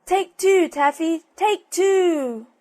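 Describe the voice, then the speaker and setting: A woman voicing a silly turtle dove in a storybook, repeating its cry in a high singsong. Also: drawn-out words, warm tone, heavily acted. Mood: insistent.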